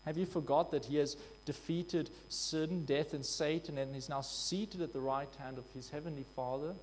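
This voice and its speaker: Male preacher, slightly high voice, emphatic and repetitive; hall reverb with faint hum. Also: fairly even intonation, normal speed, darkish tone. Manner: emphatic, repeating key phrases. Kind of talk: sermon.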